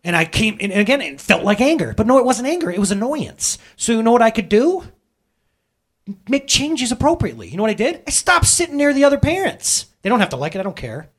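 Husky, animated male pastor preaching. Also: high voice. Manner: conversational, emphatic, rhetorical questions to the audience. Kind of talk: sermon.

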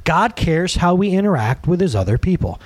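Guy pastor preaching, chatty and lively, voice swoops up and down, kinda high. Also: fairly quick. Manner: conversational, animated, acts out quotes. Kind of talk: sermon.

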